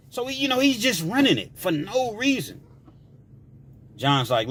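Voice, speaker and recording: Animated man telling a story. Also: high voice, measured pace, pauses often, a little hiss or hum. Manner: animated, slangy, shouts sound effects. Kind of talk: casual storytelling.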